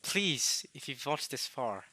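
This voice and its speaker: Tired young man with a bright voice. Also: medium pitch, very animated, no room sound. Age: young adult. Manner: rambling, halting, with coughs and throat-clearing. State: tired, strained voice. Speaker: let's play host. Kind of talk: casual late-night let's play commentary.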